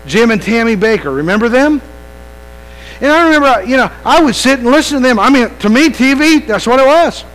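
High-voiced preacher man, mains hum. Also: a bit bright, poor audio. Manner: conversational preaching with many restarts and direct questions to the congregation. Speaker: pastor. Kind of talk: evening sermon.

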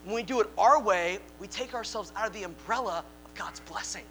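A man preaching a sermon as pastor, swinging from loud emphasis to quiet low lines. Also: a little fast, gravelly, faint music behind, low-quality recording.

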